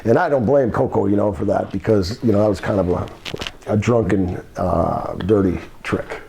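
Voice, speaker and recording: A man's voice: lowish voice, normal speed, vocal fry, warm tone, a little hiss or hum. An older man, a former wrestler, telling rambling anecdotes with laughter in a shoot interview. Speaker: guest, former pro wrestler.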